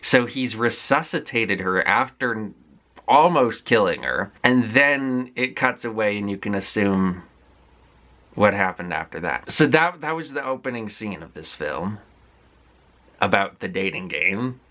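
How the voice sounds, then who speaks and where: A man talks candidly through a film recap, circling back and restarting his sentences as he goes. His voice is bright and forceful, and it sits somewhat low. The delivery is loose and casual, filled with fillers and asides. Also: lively intonation, a little slow. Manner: rambling, with frequent fillers and restarts; candid and conversational. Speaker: movie vlogger.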